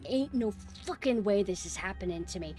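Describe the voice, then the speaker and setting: A young woman streaming a game live, swearing and yelling in frustration at the game. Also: medium pitch, lively intonation, brisk, faint music behind.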